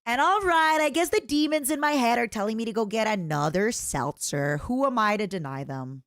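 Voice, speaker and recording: A woman streamer chatting casually and reacting to clips, excitable and playful, squealing over cute things. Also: a little high, normal speed, no echo, studio quality.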